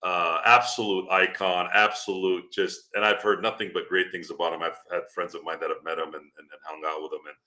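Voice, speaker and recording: Deep-voiced, bright rambling male host. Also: flat delivery, fairly quick, hardly any pauses. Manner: rambling, teasing, joking with chat. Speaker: podcast host. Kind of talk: casual live-stream chat.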